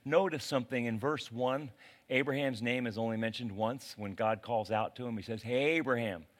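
A man preaching a sermon as a pastor, in a casual, animated way with slang. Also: mid-range voice, moderate pace.

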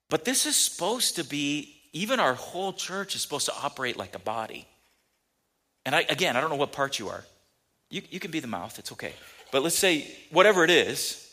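Bright-voiced male pastor preaching. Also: a little high. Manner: conversational, halting, repeats words, swings between soft and emphatic. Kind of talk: sermon. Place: church.

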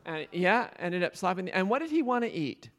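Man, Bible study leader, high voice, interactive questions, frequent laughs. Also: big pitch swings, fairly quick, gravelly, fairly bright tone. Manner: asks the group questions and retells the story; laughs often.

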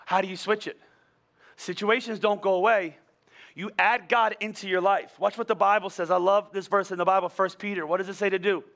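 A male pastor delivering a sermon, telling stories in an animated way with many restarts. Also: high-pitched.

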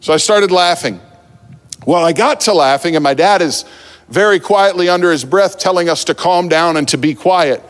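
A man from New Jersey preaching a sermon, telling a funny story about himself in a relaxed, conversational way from the pulpit. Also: sits high, normal speed. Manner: humorous, self-deprecating, conversational. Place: church sanctuary at the pulpit. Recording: long church hall reverb.

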